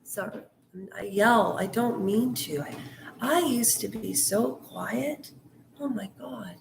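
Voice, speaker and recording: A woman's voice: medium pitch, takes it slowly, vocal fry, roomy sound, noisy background. A middle-aged woman from Canada talking in a heated, earnest vlog monologue. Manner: heated, earnest, talks of her anger. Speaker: YouTuber.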